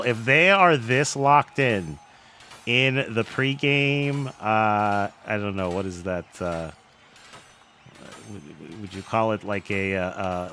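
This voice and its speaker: A man casting a live online game match, excitable and jokey, often cracking up with laughter. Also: lowish voice, a little hiss or hum. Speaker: game commentator. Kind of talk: live esports commentary.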